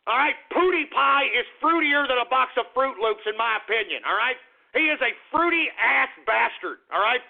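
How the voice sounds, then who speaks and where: A man's voice: very high-pitched, lively intonation, normal speed, vocal fry. A man hosting a talk radio show, ranting in a crude, repetitive monologue. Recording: tinny phone-like radio sound.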